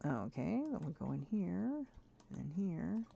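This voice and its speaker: A woman streaming a game and chatting to viewers, swinging between frustrated muttering and excited squeals. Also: on the low side, slow pace, gravelly, slightly rough. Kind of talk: casual gameplay chat. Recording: dull lo-fi stream audio.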